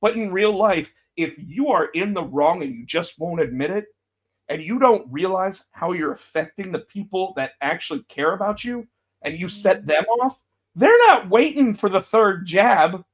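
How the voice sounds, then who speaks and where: A man with a fairly high voice co-hosts a casual podcast and recaps wrestling storylines. He gets animated and acts out the quotes, jumping his voice up sharply. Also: normal speed. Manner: animated, acts out quotes with big pitch jumps. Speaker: podcast co-host.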